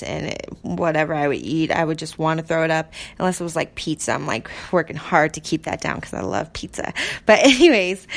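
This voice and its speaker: Young woman, solo podcast host, rambling casual chat, quick to laugh, filler-heavy delivery. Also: fairly low pitch, fairly bright tone. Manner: chatty, rambling, laughs often, many "like" fillers.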